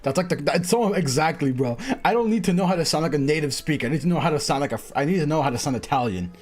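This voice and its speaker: A man's voice: fairly high pitch, lively intonation, racing. A young man from Mexico streaming, chatting casually and mocking himself with a lot of laughter. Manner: joking, self-mocking, laughs often. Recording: music playing behind.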